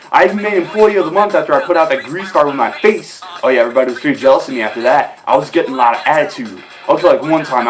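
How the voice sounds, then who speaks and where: Frantic, rambling man over faint music. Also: fairly high pitch. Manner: frantic and rambling, with sudden shouted bursts. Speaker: amateur singer covering a comedy song. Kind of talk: fast comic story-song rant over a backing track. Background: faint backing music.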